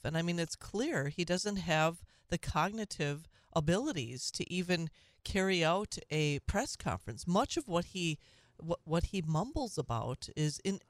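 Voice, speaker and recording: Talk-radio co-host, man, slightly high pitch, dry close studio sound, opinionated and halting. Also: dry recording. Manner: opinionated, halting with many restarts. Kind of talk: political talk radio banter.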